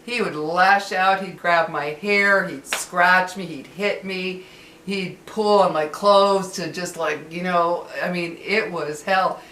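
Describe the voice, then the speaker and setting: Woman, former caregiver, casual storyteller, fairly low voice, roomy recording. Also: slow. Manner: chatty, animated, laughs while telling. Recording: roomy with faint ambient noise.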